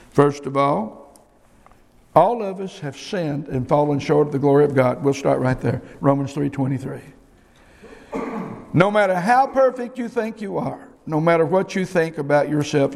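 A man's voice: fairly high pitch, vocal fry, darkish tone. A middle-aged man preaching a sermon, emphatic and folksy, often repeating his words. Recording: long hall reverb.

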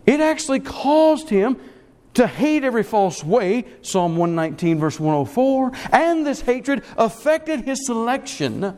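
A man preaching a sermon with emphasis, speeding through some phrases and slowing hard on key words. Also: very high voice, big pitch swings, a little mellow. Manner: emphatic, swings between fast runs and slow stressed words. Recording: long reverb of a church hall.

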